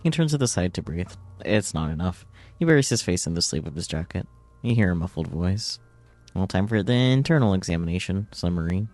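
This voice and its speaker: Playful male streamer, low-pitched, dry close sound, casual reads. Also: animated, fairly quick, a little mellow, no room sound, faint music behind. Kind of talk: reading game text aloud and joking.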